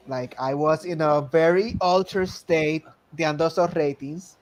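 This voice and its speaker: A man's voice: a little high, fairly even intonation. A Puerto Rican man co-hosting a podcast, talking casually about films and switching between Spanish and English as he jokes. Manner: switches between Spanish and English mid-sentence, quick and joking. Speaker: podcast co-host. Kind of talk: casual film chat.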